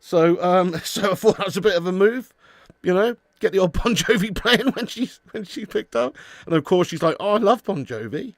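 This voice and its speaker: Casual male stream host, slightly high, dry close mic, matey banter with viewers. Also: lively intonation, moderate pace, no echo. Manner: chatty, banters with chat, calls viewers mate and lad. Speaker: football watch-along host. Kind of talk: casual live-stream chat.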